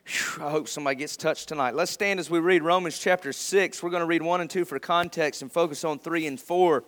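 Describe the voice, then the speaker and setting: A pastor preaching a sermon to his church, telling folksy stories and swelling loud on key words. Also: on the high side, fairly quick, few pauses, in a large hall. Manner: folksy storytelling. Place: church sanctuary.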